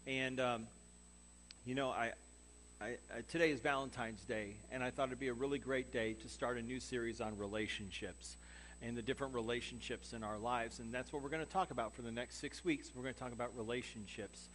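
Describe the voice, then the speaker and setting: A man preaching a sermon as pastor, telling a personal story with lively acted-out dialogue. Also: mid-range voice, fairly quick, slight background noise. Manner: animated storyteller acting out quoted dialogue.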